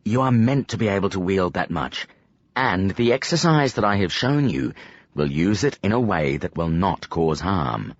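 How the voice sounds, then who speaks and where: A man voicing a stern older male magician who acts as a calm mentor, speaking in a slow, measured, commanding way. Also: low-pitched, no room sound, muffled recording. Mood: instructive.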